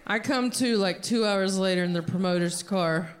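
A woman stand-up comedian telling a story to a live club audience, with animated, punchy delivery. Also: medium pitch, normal speed, a faint crowd.

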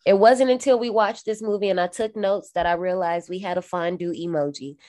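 A woman co-hosting a casual horror movie recap podcast, animated and profane, often jumping high to act out quoted lines, speaking. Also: a little fast. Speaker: podcast co-host.

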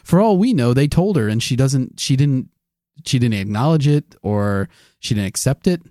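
A man co-hosting a podcast talks a point through step by step, often restarting his sentences. His pitch is lively and moves a great deal. The sound is close-miked and dry. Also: no room sound. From United States. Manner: reasoned, halting restarts, laughing. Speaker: podcast co-host. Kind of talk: casual chat.

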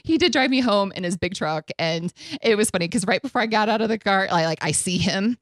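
Eine Frau, Moderatorin einer Radiosendung, die locker und lebhaft eine persönliche Geschichte erzählt und Zitate mit Lachen nachspielt. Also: female voice, medium pitch, brisk, dry recording. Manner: animated, acts out quotes with laughs. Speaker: radio show host. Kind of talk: casual storytelling chat.

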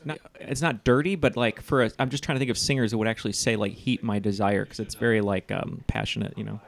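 A man's voice: lowish voice, steady tone, fast, gravelly. A man bantering casually while playing podcast trivia, joking and rambling. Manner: joking, rambling, full of fillers. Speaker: trivia team player.

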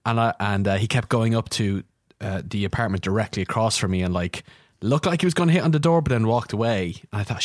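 A man's voice: on the low side, fast talker, no room sound. Joking man with a dry sound. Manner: rambling, jokey storyteller with mock outrage. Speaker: podcast co-host. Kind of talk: casual comedic chat. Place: London.

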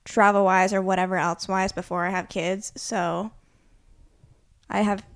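A young woman chatting casually with friends. She talks in a lively, rambling way and leans on filler words as she thinks aloud. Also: medium pitch, normal speed. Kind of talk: casual chat.

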